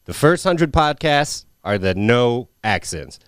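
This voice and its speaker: Lively swearing man co-hosting a podcast. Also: medium pitch, slow pace, clear, resonant tone, no echo, studio quality. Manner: swearing, playful, animated riffing. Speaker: podcast co-host. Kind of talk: casual podcast chat.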